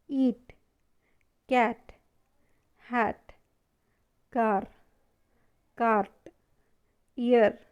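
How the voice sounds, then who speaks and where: Brief: woman, grade school teacher, slow and patient, higher-pitched, dull lo-fi recording. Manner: slow, asks and answers her own questions. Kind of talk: classroom lesson video.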